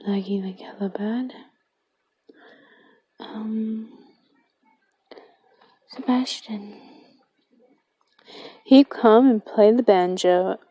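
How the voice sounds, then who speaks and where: A young woman from Minnesota commenting on her gameplay in a soft-spoken manner, often dropping to a whisper and reading game text aloud. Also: medium pitch, drawn-out words, pauses often, breathy edge, muffled recording. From Minnesota, USA. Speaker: gamer.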